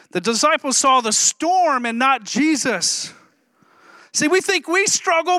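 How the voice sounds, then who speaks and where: Man preaching a sermon, very high voice, bright and forceful, jokey asides, dry close sound. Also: a little slow, no room sound. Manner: humorous, animated preaching with asides to the congregation. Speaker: pastor.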